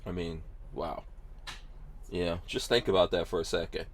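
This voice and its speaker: A man's voice: sits low, steady tone, moderate pace, a little hiss or hum. Sarcastic male podcast host. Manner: sarcastic, laughing often, filler-heavy. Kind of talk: casual news chat.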